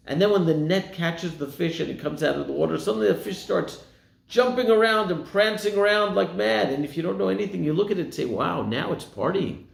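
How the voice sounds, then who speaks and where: A man rabbi giving a sermon, telling stories and acting out the people in them. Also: gravelly. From United States. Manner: storytelling, voicing quoted people with rising pitch. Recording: echoey room.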